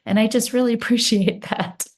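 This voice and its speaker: A woman's voice: on the high side, fairly even intonation, fairly quick, darkish tone. A woman podcast host in casual chat, reflective, laughing as she speaks.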